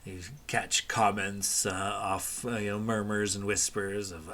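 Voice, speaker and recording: Rambling low-voiced male game master. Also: a little slow, few pauses. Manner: relaxed, rambling, many fillers. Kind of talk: narrating a tabletop game.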